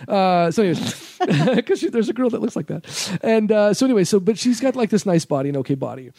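A man's voice: high voice, big pitch swings, brisk, warm tone, dry recording, studio quality. A man guesting on a podcast, telling rambling, profane stories in casual chat and laughing often. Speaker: podcast guest, former adult-film editor.

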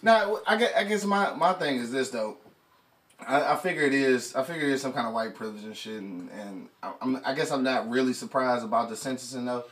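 Casting: male podcast host, casual and profane, quick laughs, a bit far from the mic. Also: mid-range voice, fairly bright tone. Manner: loose, profane, laughs often, restarts a lot. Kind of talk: casual chat.

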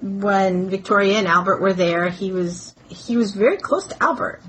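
Conversational woman, mid-pitched podcast host. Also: a bit bright, low-quality recording. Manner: conversational, hedging, quick to agree. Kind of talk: casual history chat.

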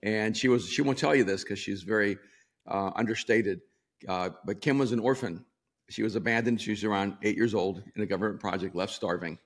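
Older pastor from El Salvador, low voice, rambling anecdotal style with laughs. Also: male voice, brisk. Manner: warm storyteller, laughs often, many ums and restarts. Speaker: pastor and author. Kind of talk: storytelling in a sit-down interview.

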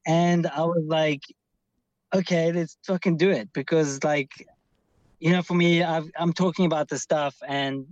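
Young male caller, somewhat high voice, rambles and swears a lot; dry, slightly muffled audio. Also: fairly even intonation, measured pace, darkish tone, no echo. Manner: rambling, heavy swearing, many restarts. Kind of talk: casual storytelling.

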